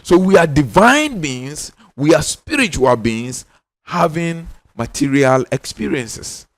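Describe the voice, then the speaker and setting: A man's voice: fairly high pitch, big pitch swings, no echo. A man with a Ghanaian accent gives a spiritual teaching talk, emphatic and insistent, repeating his key lines for stress. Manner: insistent, drawn-out stressed words.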